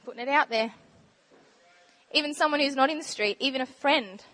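A woman giving an informal, chatty sermon talk in a church, bubbly and quick to laugh. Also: sits high, a bit bright. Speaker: church speaker sharing testimony.

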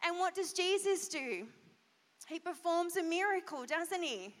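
A woman pastor giving an animated children's sermon, asking the kids questions. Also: very high voice, unhurried. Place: church hall. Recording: long church hall reverb.

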